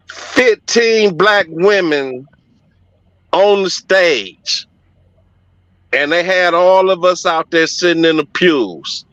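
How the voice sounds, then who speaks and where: A man's voice: a little high, bright, forceful tone, smooth, dry recording, lo-fi sound. A middle-aged man telling a heartfelt personal story on a podcast, emphatic and profane.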